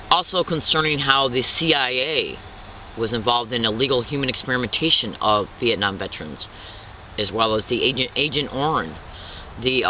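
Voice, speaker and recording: A man in his fifties, an activist giving an impassioned statement, halting and repetitive, full of restarts and insistent indignation. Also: medium pitch. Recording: dull distant recording with faint traffic.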